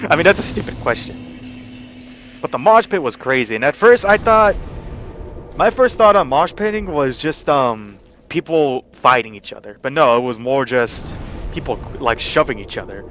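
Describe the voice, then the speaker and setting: A man's voice: medium pitch, lively intonation, normal speed, a bit bright, slight background noise. Rambling young man telling a story. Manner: rambling, filler-heavy, frequent swearing. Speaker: gaming channel host. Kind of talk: casual storytelling over gameplay.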